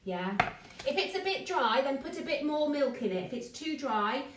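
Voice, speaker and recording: Broadcasting live from her home kitchen, a woman teaches children to bake online, greeting viewers by name as she chats and encourages. Her high voice is very animated at a normal pace, recorded from afar in an echoey room with slight background noise.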